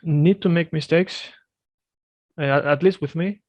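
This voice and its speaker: A man teaching a one-on-one language lesson, correcting firmly and repeating words slowly for his student. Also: fairly high pitch, darkish tone, no echo. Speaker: Swedish teacher.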